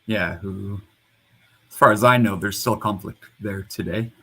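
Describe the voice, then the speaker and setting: Man, gravelly, husky, low, rambling online panel talk. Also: a little slow, low-quality recording. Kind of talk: casual online panel chat. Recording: hum of a loud computer fan.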